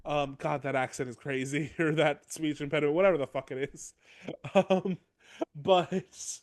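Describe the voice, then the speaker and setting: A man recapping a chapter on a podcast, in a fairly high voice. He talks casually and in a rambling way, and he breaks into quick acted-out lines for the characters. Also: fairly even intonation. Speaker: podcast co-host. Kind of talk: casual book discussion chat.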